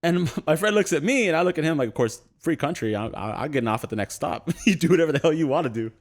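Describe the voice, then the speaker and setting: A young adult man casually telling an animated anecdote on a podcast, laughing often and using lots of fillers. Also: on the high side, fast talker.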